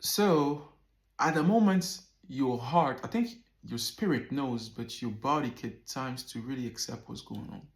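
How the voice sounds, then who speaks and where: A man in his thirties telling a personal story to camera in a casual, animated way, often repeating words and swearing freely. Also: medium pitch, a little slow, echoey room. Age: 30s. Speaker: vlogger.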